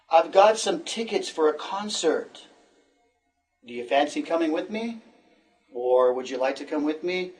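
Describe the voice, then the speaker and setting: A man teaches a recorded English lesson, modeling replies and repeating phrases slowly. His voice sits a little high and is picked up from a short distance away from the mic. His tone stays encouraging throughout. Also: animated, a little mellow.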